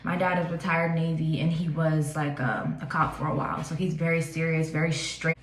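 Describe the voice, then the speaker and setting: Speaking in a low, level voice at normal speed, this twenty-something vlogger chats casually about something from her own life, using lots of "like" and filler words. The room she's in is echoey.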